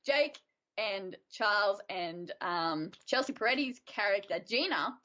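A woman co-hosting a casual chat, retelling a story in an animated way with frequent giggles. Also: mid-range voice, measured pace. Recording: dull lo-fi audio.

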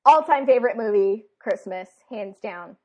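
A woman's voice: medium pitch, lively intonation, normal speed. A woman co-hosting a casual chat, talking in an enthusiastic, gushing way. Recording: dull lo-fi audio.

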